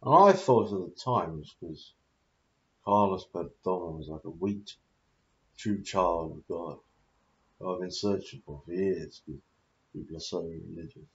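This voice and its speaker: British man, 30s, low voice, rambling confessional vlog full of swearing; muffled lo-fi sound. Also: unhurried, a bit bright, echoey room. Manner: swears a lot, rambling and confused. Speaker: vlogger. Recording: dull lo-fi audio.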